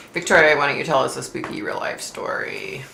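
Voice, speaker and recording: A chatty woman hosting a psychic livestream, her low voice gravelly and sharp-edged. She laughs often and reads viewer comments aloud. The sound is roomy and echoey, with faint room noise behind her. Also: wildly swooping pitch, normal speed. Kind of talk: casual chat reading viewer comments.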